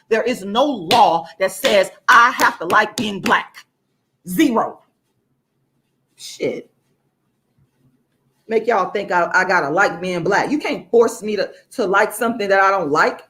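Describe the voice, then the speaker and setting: A woman's voice: mid-range voice, animated, a little slow, bright, forceful tone. A woman author and activist, angry and outraged, swearing a lot and repeating her points for emphasis as she rants to viewers on a livestream. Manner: angry, profane and emphatic, repeating lines for force.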